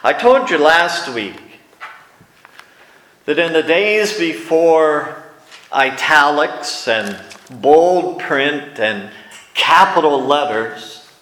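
Slow, deliberate man preaching in an echoey room. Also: on the high side, animated, a bit bright. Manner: slow, deliberate teaching delivery with emphatic pauses. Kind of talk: sermon.

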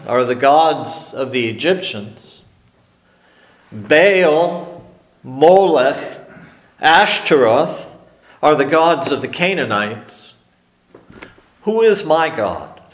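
A man preaching a sermon slowly and emphatically, with dramatic pauses on key words. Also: medium pitch, echoey room. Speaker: pastor.

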